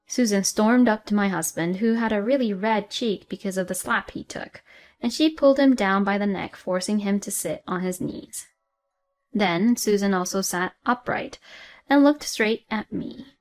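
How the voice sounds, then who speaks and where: A woman's voice: medium pitch, normal speed, darkish tone, soft background music. A woman narrating a personal story plainly, in a matter-of-fact way.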